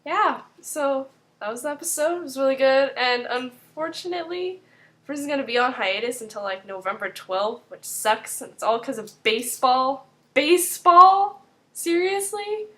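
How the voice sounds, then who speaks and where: A young woman talks her way through a recap for her vlog in loose, rambling sentences, with filler "like"s everywhere. Her voice sits slightly higher than most women's. It sounds casual and unscripted. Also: moderate pace, fairly bright tone. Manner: chatty, fills with 'like' constantly. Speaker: vlogger recapping a TV episode.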